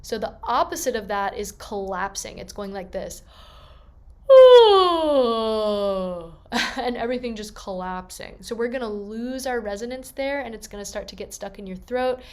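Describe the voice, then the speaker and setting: Speaking a little fast with hardly any pauses, a woman voice teacher in a mid-range voice runs a gentle warm-up lesson. She encourages her students and models the sounds herself.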